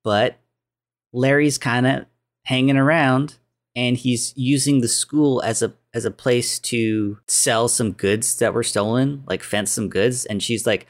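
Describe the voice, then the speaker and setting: A man's voice: medium pitch, steady tone, a little slow. A man casually retelling a film plot, rambling with many restarts and fillers, acting out the characters' lines. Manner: rambling, lots of "like" and restarts, acts out quotes.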